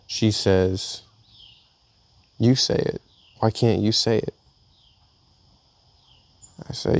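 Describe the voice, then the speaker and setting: Young man with a gravelly low voice. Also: little pitch movement, a little mellow, no room sound. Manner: casual storytelling, halting with restarts. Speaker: vlogger. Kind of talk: reading a personal journal aloud.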